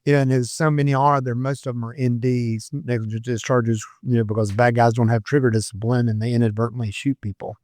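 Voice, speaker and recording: Retired cop telling dive stories. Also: male voice, medium pitch, flat delivery, fairly quick, hardly any pauses, darkish tone, no echo, studio quality. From Florida, USA. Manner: rambling anecdotes, laughs at himself. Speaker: retired sheriff's deputy and police diver. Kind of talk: casual storytelling interview.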